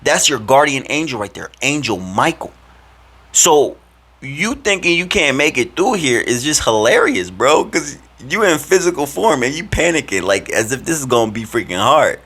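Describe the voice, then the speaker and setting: A laid-back, amused God who teases like an old friend and drops slang as he talks, as a man puts him on. The voice sits higher than plain talk and lifts brightly. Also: sing-song, normal speed, slightly rough, exaggerated voice. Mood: amused, teasing. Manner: laid-back and teasing, calls him bro. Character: casual, amused fatherly male God talking slang.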